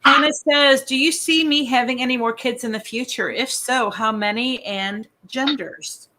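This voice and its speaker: A woman's voice: fairly high pitch, normal speed, pushed and bright. Chatty woman host reading viewer questions. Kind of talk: casual live-stream chat.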